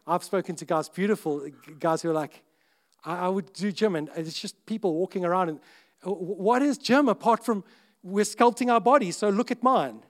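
Male pastor, high-ish voice, sermon delivery that is chatty and earnest, with restarts and bursts of volume. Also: moderate pace. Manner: earnest, conversational, with self-interrupting restarts and sudden rises in volume.

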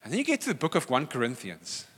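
Animated pastor preaching in an echoing hall. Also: male voice, mid-range voice, fast. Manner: animated, acts out quoted voices. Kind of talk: sermon. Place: church hall.

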